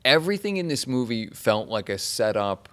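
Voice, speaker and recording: A man's voice: mid-range voice, big pitch swings, moderate pace, fairly bright tone. A man chatting casually, co-hosting a talk about a film, thinking aloud with restarts. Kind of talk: casual chat.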